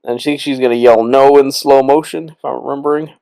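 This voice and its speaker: A man's voice: mid-range voice, fairly even intonation, brisk, vocal fry, dark tone, low-quality recording. A tipsy man co-hosting a movie watch-along, rambling and trailing off between laughs in casual commentary.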